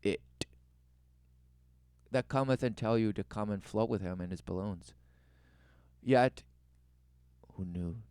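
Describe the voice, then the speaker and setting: Man commentator, mocking and preachy, smooth resonant mid voice, dry close sound. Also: on the low side, slow, pauses often, a little mellow, dry recording. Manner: mocking, exclamatory, rhetorical questions. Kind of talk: religious commentary over video clips.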